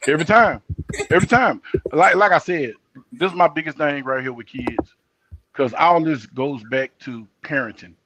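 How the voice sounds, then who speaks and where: An older man hosts a casual live talk show, his medium-pitched voice moving at a moderate pace over background noise. He's an animated storyteller, acting out the dialogue of the people in his tales.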